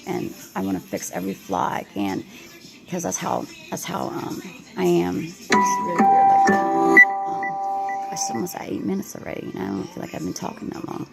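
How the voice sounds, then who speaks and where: A tired, anxious woman rambles to her camera at home in a late-night vlog, stopping and restarting her sentences. Her voice sits low, with a heavy gravelly fry, and it swings widely in pitch. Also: rough recording. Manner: halting, stammering, many fillers and restarts. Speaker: vlogger.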